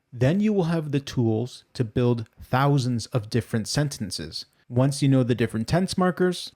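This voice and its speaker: Man, language tutor, patient explainer, mellow tone, dry close mic. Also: mid-range voice, dry recording. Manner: patient, repeats example phrases with rising question intonation. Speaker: language teacher.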